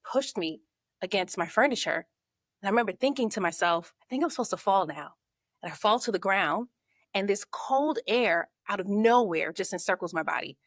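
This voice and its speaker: A woman's voice: medium pitch, dry recording. Dry-sounding woman telling her story. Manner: lively storyteller who acts out her own inner thoughts. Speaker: podcast guest, marketing coach. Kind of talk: conversational storytelling.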